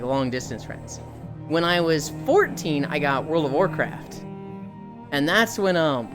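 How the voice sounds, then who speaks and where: A woman in her thirties, a livestreamer telling stories to her chat in an animated, chatty way with casual swearing. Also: lowish voice. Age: 30s. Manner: animated, profane, chatty, greets viewers.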